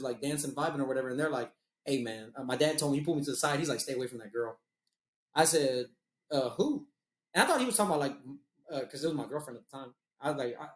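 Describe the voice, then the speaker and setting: A man's voice: mid-range voice, roomy sound. A man telling loose, profane stories in casual chat, laughing at his own jokes. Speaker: podcast host.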